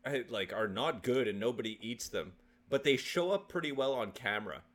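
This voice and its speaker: A man's voice: mid-range voice, expressive, brisk, fairly bright tone. A man co-hosting a casual podcast chat, blunt and opinionated, with a jokey manner. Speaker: podcast co-host.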